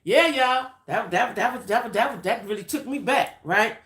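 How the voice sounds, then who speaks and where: An adult woman hosting a livestream, telling a story in a chatty, animated way and talking straight to her viewers. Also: fairly high pitch, moderate pace. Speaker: livestream host. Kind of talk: casual storytelling chat. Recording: roomy echoey room.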